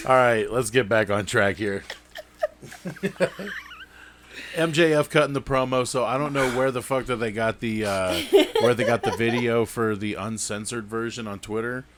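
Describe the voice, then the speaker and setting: A man's voice: medium pitch, normal speed, hardly any pauses, a crowd in the background. A man co-hosting a casual wrestling podcast, blunt and swearing freely. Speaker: podcast co-host. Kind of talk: casual chat.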